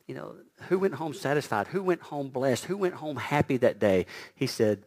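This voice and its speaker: A man's voice: medium pitch, moderate pace, few pauses. A male preacher delivering a sermon with a lot of movement in his delivery, pushing hard on emphatic lines and then dropping almost to a whisper. He sometimes trips over his own words, repeating them as he builds momentum. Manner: dynamic, swinging from loud emphasis to near-whispered quotes; stumbles and repeats words when excited.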